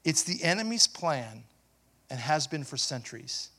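A man preaching a sermon as pastor, asking the congregation questions and building to loud, emphatic passages. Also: on the high side, very animated, normal speed.

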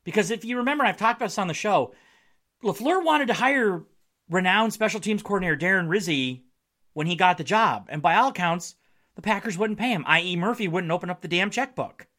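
A male podcast host riffing on his team's latest game in a loose, joking way, with frequent laughs. His voice is bright and forward, and his pitch rises and falls a lot. He sounds casual and chatty. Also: lively intonation, brisk. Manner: joking, wry, laughs often. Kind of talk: casual solo sports podcast.

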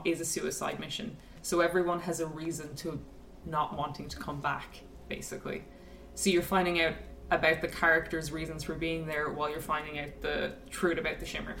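A woman's voice: low voice, a little hiss or hum. A woman chatting casually about a film, enthusiastic and rambling with lots of fillers. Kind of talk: casual chat, film review. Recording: echoey room, mic at a distance.

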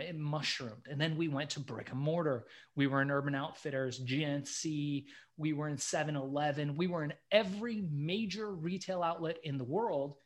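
A middle-aged man, a guest in an interview, telling a story in a casual, animated way and acting out the lines he quotes. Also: a little high.

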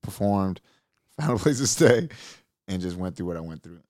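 A man's voice: deep voice, animated, moderate pace, warm tone, no echo, studio quality. A man, a comedian, telling profane stories in a laid-back, mumbly way in casual chat.

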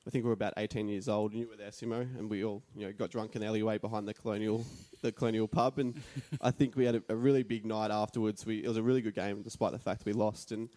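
A man's voice: fairly low pitch, flat delivery, quick pace, hardly any pauses, dark tone. A young Australian man with a nasal voice hosts a casual podcast chat. He rambles through stories about himself and pokes fun at himself along the way. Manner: rambling, self-mocking storyteller. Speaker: podcast host. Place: share house.

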